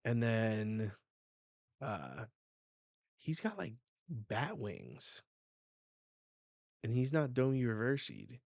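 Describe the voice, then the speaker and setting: A man hosting a casual manga reaction, excitable and a little foul-mouthed as he narrates the panels. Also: mid-range voice, very slow, vocal fry, long pauses, dry recording. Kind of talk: casual live reading reaction.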